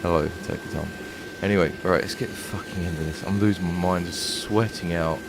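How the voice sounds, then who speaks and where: Streamer, London accent, very deep voice; sweary, annoyed gameplay commentary over a noisy desk mic. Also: male voice, steady tone, a little fast. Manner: frustrated, swearing rant. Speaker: game streamer. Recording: noisy home stream recording.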